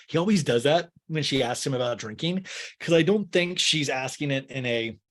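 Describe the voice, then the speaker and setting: At a moderate pace and medium pitch, a man hosts a podcast with a casual comedic recap of a show. He's rambling and jokey, with plenty of fillers.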